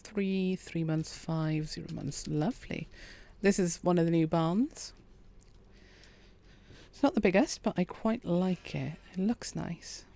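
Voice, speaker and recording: Calm woman streaming a game, soft and easygoing, a touch of vocal fry. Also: on the low side, slow. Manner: quiet, relaxed, chats with viewers. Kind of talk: calm gameplay commentary.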